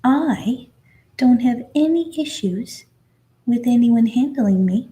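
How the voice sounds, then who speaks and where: A woman voicing a calm little male Labrador puppy in a soft whispered role-play. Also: on the high side, slow. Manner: soft, gentle, speaking for the puppy.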